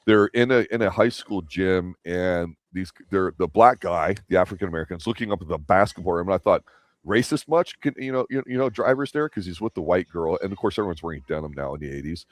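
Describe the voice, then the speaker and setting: A deep-voiced man hosts a casual review chat, talking in a rambling, opinionated way and often restarting his sentences. His voice sits very low, and the recording is dry and close. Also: animated, quick pace, few pauses, no echo. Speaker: host of a TV review show.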